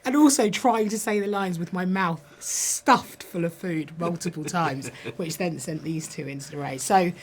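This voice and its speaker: A woman, an actress telling a funny anecdote in an animated, laughing way. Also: lowish voice, normal speed, slight background noise. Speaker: actress in a press interview. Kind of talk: casual anecdote.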